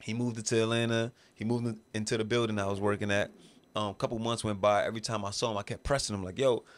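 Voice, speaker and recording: A man's voice: fairly low pitch, steady tone, quick pace. A man with a New York accent from Brooklyn, telling a long story in a podcast interview and acting out quoted voices with slang. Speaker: interview guest. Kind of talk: casual storytelling.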